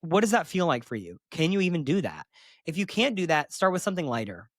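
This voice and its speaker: A fairly high-voiced man hosts a solo podcast, speaking candidly and with emphasis. He drops sassy asides as he talks. The sound is dry and close. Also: big pitch swings, fast, dry recording. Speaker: podcast host and therapist.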